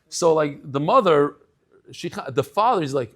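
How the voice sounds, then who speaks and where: A man giving a daily Talmud class, telling stories with lively acted-out quotes and sprinkling in Hebrew and Yiddish terms. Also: medium pitch, a little slow. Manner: animated storyteller, acts out quoted voices. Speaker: daf yomi lecturer.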